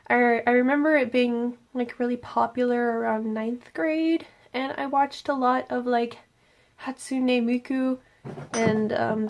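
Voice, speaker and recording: A young woman chatting through a casual Q&A vlog, fielding viewer questions from her room at night. Her voice sits a little high and has a gravelly fry, and she keeps things playful. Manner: playful and jokey, slipping into silly voices. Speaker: YouTuber host.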